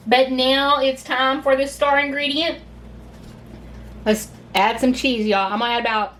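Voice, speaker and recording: A Southern woman hosting a casual home cooking video, chatty and gushing as she talks viewers through the steps. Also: high-pitched. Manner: chatty and gushing, says y'all a lot. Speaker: cooking channel host.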